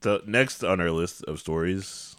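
A man with a very low voice co-hosting a casual chat. He speaks in a dry, measured way and leads the news segments. The sound is close and dry. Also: a bit bright, clear, resonant tone, no echo. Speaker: podcast co-host.

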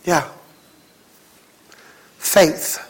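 A pastor from Mississippi preaching a sermon, with emphatic, rhythmic repetition and spoken prayers. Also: male voice, extremely slow, low-quality recording.

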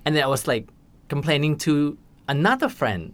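A man co-hosting a casual podcast chat, telling a story with lively restarts and repeated words. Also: on the high side, quick pace. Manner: animated storytelling with many restarts.

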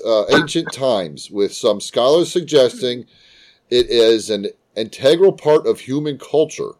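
A man's voice: medium pitch, darkish tone. Hesitant man hosting a podcast. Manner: hesitant, stumbles and repeats words. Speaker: podcast host. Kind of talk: casual chat and reading notes.

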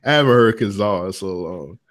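A man's voice: on the low side, lively intonation, a little fast. A man co-hosting a podcast, telling loose slangy stories and laughing often between lines. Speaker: podcast co-host. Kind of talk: casual podcast banter.

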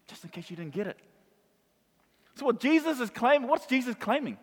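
A male pastor preaching a sermon, animated, acting out the voices of Bible figures. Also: very high voice, fairly quick. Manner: animated, acts out voices of crowd and Jesus. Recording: long reverb of a large hall.

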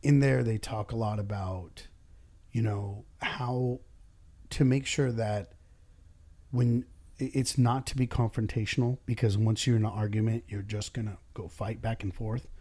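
A business owner and boss chats on a casual podcast in a lowish, warm, steady voice, speaking a little slowly. He's blunt, curses freely, and acts out snippets of conversations to make his points.

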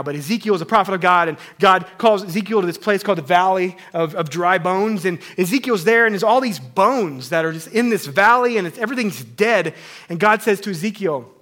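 A man, a pastor in his thirties, preaching a sermon in a casual, playful way that swings between loud emphasis and hushed tones. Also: high voice.

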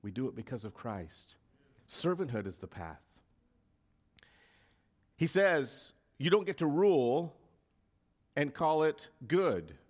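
A man's voice: on the high side, sing-song, slow pace, pauses often. Emphatic preaching man. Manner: emphatic preaching with rhetorical questions, drops to a hush at times. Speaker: pastor. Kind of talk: sermon.

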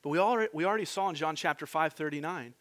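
Male pastor, sermon, fairly high voice, forceful bright tone, chatty asides to the congregation. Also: fast. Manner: conversational, quizzing the congregation with asides.

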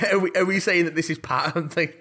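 A man co-hosting a casual film podcast, teasing with quick sarcastic quips. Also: sits high, fairly even intonation, bright, forceful tone. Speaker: podcast co-host. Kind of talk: casual banter about films.

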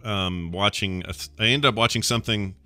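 A man co-hosting a podcast in casual movie chat, lively and full of joking asides. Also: lowish voice, a little fast, faint music behind. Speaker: podcast co-host.

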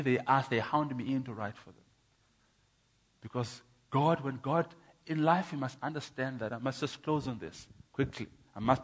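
A man preaching his testimony in a church, emphatic, with rhythmic contrasts and stammering repeats. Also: medium pitch. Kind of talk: sermon.

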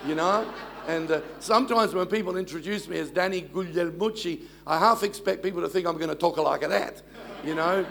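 A man's voice: high voice, a little fast, gravelly, fairly bright tone. A man, preaching a sermon and telling stories with self-deprecating humor. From Australia. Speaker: pastor.

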